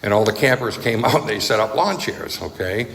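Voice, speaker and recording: A man's voice: lowish voice, lively intonation, a little fast, vocal fry, fairly bright tone. A man speaking at a recovery meeting, telling his story bluntly and conversationally, often checking in with "right?" and "okay?". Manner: conversational storytelling, frequent tag questions, blunt. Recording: echoey hall with faint noise.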